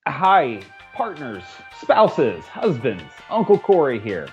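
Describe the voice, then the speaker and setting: A man co-hosting a movie review podcast, talking in an animated, profane, joking way. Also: medium pitch, slow pace, highs cut off, music in the background. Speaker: podcast co-host. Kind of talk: casual movie review chat.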